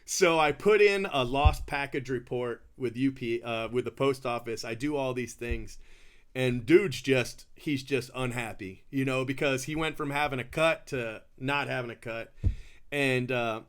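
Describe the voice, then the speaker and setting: A man's voice: mid-range voice, a little slow, fairly bright tone, smooth. Casual male card breaker, chatty storyteller, mid-range voice, laughs easily. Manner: chatty, says bro and you know a lot, laughs often.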